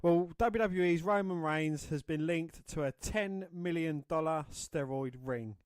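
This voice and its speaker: A man's voice: on the high side, measured pace, no room sound. A man co-hosting a casual podcast, eagerly giving opinions and reading news. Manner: eager, opinionated, says mate. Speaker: podcast co-host.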